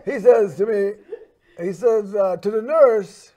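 A man's voice: high voice, slow, warm tone, highs cut off. A man hosting a show, telling a personal story in a rambling way, full of fillers and restarts. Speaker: host.

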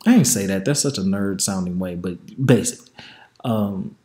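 A man's voice: low-pitched, animated, moderate pace, mellow, echoey room. A man hosting a podcast, telling a candid story in a chatty way and speaking straight to his listeners. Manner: frank, chatty, addresses listeners directly. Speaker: podcast host.

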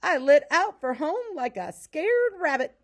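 Woman reading as a breathless, rattled pioneer dad, high and loud. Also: very animated, a little slow, full character voice. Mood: excited. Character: frontier father, brave but shaken man.

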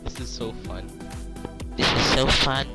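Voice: mid-range voice, a little slow, over music. A teammate in casual game voice chat, talking sarcastically.

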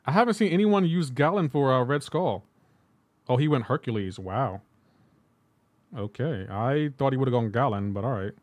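A man's voice: medium pitch, expressive, normal speed, no echo. A man live-streaming a game, chatting loosely with his viewers and filling his talk with "like". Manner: loose, chatty, talks back to viewers, lots of "like". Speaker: gaming livestreamer. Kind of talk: casual live-stream chat while playing.

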